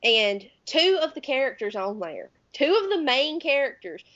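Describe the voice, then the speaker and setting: A talkative Southern woman of about thirty co-hosts a book podcast. She chats casually at a fairly high pitch and runs on freely between thoughts. The audio is dull and lo-fi. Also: no echo. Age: around 30. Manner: chatty, talks louder and faster when excited. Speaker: podcast co-host. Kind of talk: casual chat.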